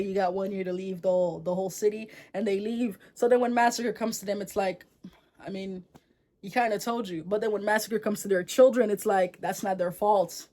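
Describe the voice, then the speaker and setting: A woman's voice: mid-range voice, darkish tone. A woman vlogger retelling a folktale in a chatty, slangy, digressive way. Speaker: storyteller vlogger.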